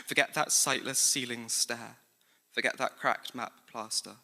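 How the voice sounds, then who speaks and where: A man's voice: medium pitch, steady tone, a little slow, creaky, bright, forceful tone. A man with an English accent performing spoken-word poetry live on stage in an intense, rhythmic, incantatory way. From England. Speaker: slam poet. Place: large hall venue, live on stage. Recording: live performance with long hall reverb.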